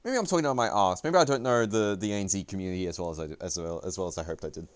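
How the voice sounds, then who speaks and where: A young man talking on a livestream in a deep, low voice. He rambles and swears freely, mocking himself as he goes. It is loose, off-the-cuff commentary. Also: racing, clean tone. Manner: rambling, profane, self-deprecating. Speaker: esports player and streamer.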